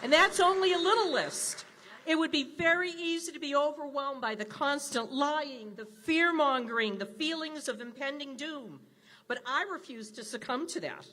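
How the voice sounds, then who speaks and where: Older woman, 60s, high bright voice, indignant rally speaker on a podium mic. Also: normal speed. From Wisconsin. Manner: indignant, rousing. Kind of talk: fiery rally speech. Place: large indoor rally with crowd.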